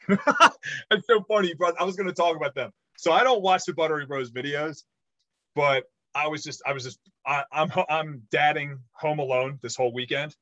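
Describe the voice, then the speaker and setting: A man's voice: a little high, normal speed, no echo, muffled recording. A man in his thirties co-hosting a podcast, telling rambling stories with lots of swearing in casual chat. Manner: rambling, animated storytelling with swearing. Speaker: podcast co-host.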